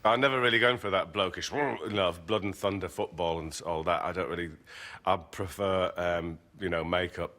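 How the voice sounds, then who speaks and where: Deep-voiced comedian, dry anecdotes. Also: male voice, steady tone, moderate pace, bright, forceful tone. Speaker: comedian guest. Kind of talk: casual interview anecdote.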